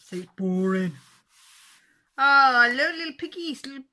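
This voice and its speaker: A woman's voice: high-pitched, animated, normal speed, sharp tone. A woman hosting a channel, chatting casually and chuckling to viewers as she flips through a book. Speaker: channel host.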